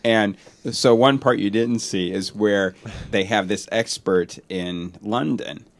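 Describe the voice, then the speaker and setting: A middle-aged man hosts a relaxed podcast chat, his voice sitting a little low. He keeps laughing as he retells a funny story, then settles into steadier talk. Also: takes it slowly. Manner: laughs often while retelling stories. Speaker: podcast host. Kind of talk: casual chat.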